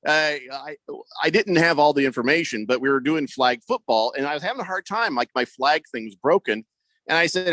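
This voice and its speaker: A man in his fifties co-hosting a sports talk radio show, telling stories in a lively way and putting on voices for the people he quotes. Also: fairly high pitch, moderate pace, dry recording. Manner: animated storyteller, does voices of people he quotes. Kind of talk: casual sports radio banter. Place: radio studio. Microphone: close studio mic. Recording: dry close studio sound.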